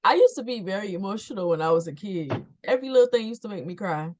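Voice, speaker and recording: A woman's voice: mid-range voice, expressive, quick pace, darkish tone. A young adult woman co-hosting a podcast, talking candidly in casual chat and laying things out step by step. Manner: candid, talks in plans and repeats herself. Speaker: podcast co-host.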